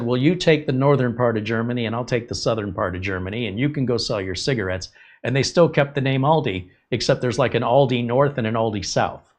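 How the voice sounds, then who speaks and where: A man hosting a tech show, telling a rambling casual story from the US West Coast, chatty and sometimes loud and incredulous. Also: mid-range voice. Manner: chatty, gets loud and incredulous when joking. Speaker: tech channel host.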